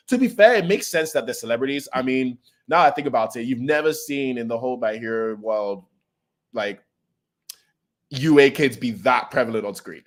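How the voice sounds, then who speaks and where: A man's voice: mid-range voice, moderate pace. A man casually reading manga chapters aloud and reacting, laid-back and slangy, stumbling over harder words.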